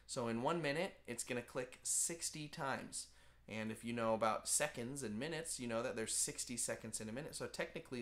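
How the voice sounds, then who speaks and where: A man's voice: mid-range voice, fairly bright tone. Male music teacher, patient and plain-spoken, casual beginner lesson. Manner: patient, explains simply with fillers. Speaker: band teacher.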